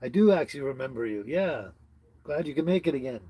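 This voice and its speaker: Speaking fast and expressively, a man with a mid-range voice, dark tone and slight roughness hosts a casual live chat from his tiny house on wheels. He welcomes viewers and reads their comments, chuckling a lot and stumbling over names. The recording is dry, with no room sound.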